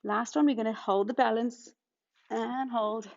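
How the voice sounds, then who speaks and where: A woman's voice: fairly high pitch, fairly even intonation, unhurried, gravelly, darkish tone. A woman from Australia leading a pilates ab workout, cueing each move and counting down while out of breath. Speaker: pilates instructor. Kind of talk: guided workout instruction. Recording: dull lo-fi sound.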